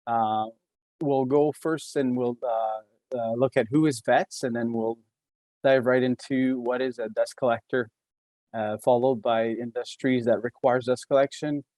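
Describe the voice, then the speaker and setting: A man's voice: mid-range voice, fairly even intonation, measured pace, darkish tone, no echo. A man with a Québécois French accent giving a webinar presentation as an engineer, talking hesitantly with many fillers and restarts. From Quebec.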